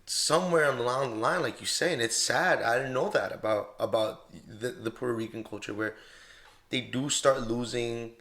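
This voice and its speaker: A man's voice: medium pitch, normal speed, a bit bright. A man hosting a podcast, responding earnestly and reflectively in casual chat. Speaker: podcast host.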